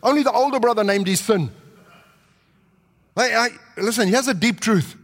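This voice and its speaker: A man preaching a sermon, telling the story with animated delivery and acting out the characters' voices. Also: sits high, moderate pace. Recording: long hall reverb.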